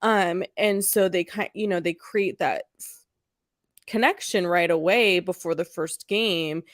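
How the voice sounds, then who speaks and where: Chatty podcast co-host, a woman with a low voice; dry, close recording. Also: unhurried, dry recording. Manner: chatty, acts out quotes in lively voices. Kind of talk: casual chat film review.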